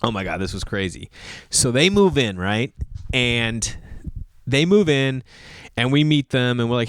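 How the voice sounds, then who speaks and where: Animated storytelling man, lively pitch. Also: normal speed, clear, resonant tone, no room sound, clean studio sound. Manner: animated, acts out quoted voices, swears. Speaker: comedian host. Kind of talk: storytelling monologue.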